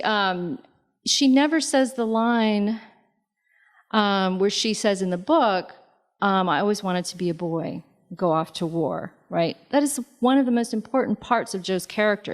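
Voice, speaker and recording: A woman author giving a public talk in a library lobby, speaking conversationally with many fillers and lively asides. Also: mid-range voice. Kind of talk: public lecture.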